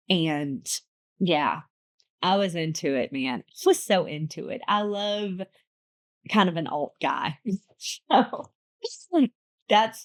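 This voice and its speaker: Lower-voiced woman gushing about a book on her podcast, bubbly and playful. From United States. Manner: bubbly, playful, chatty with frequent asides. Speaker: podcast host. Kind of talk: casual book review chat.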